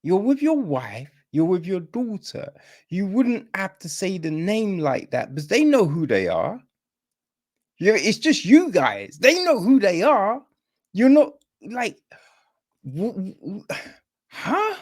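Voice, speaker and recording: A man hosting a film review podcast, talking casually with many fillers and swinging from high exclamations to low mutters. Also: wildly swooping pitch, slow pace. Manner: incredulous, rambling, with many fillers.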